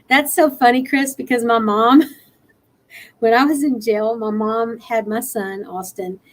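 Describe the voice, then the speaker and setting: A woman's voice: a little high, steady tone, slow, poor audio. A woman from Texas hosting a motivational live-stream talk, earnest and encouraging, laughing easily, and tired after a long night. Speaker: show host.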